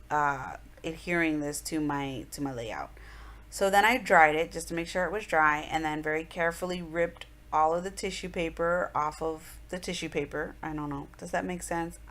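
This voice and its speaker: Chatty woman with a low voice. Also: fairly bright tone. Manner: chatty, rambling, with many fillers. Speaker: art journal tutorial host. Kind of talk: casual voice-over tutorial.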